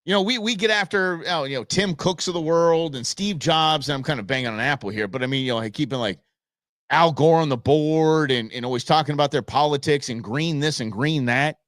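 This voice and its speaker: Male talk host, middle-aged, blunt and exasperated; lively, somewhat high voice, dry studio sound. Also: brisk, no echo. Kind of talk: opinionated live show rant.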